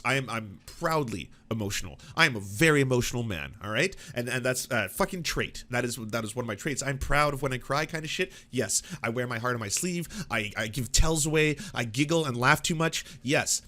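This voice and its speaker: A man hosts a political reaction show, talking in a bright, forceful voice. He swears freely and mocks himself as he riffs. His tone is loose and animated. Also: mid-range voice. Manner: animated, profane, self-mocking, switches into mock voices. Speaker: host of a political commentary show. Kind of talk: casual reaction commentary.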